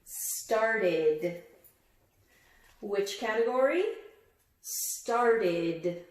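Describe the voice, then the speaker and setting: A woman teacher reads a picture book aloud slowly and deliberately. She repeats each word with emphasis and quizzes her listeners on how it ends. Her voice has a middling pitch, and a roomy echo surrounds it. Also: expressive. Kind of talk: read-aloud phonics lesson.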